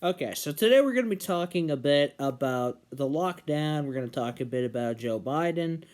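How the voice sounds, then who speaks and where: A young man from New Hampshire giving an earnest political commentary monologue, slowing down and stressing key words. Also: on the high side, lively intonation, a little mellow. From New Hampshire, USA. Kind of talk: casual opinion monologue.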